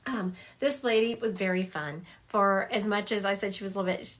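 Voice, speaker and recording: A woman's voice: medium pitch, a little fast, hardly any pauses, fairly bright tone. A woman psychic medium doing a livestream reading over a phone, chatty, laughing often and acting out what spirits say.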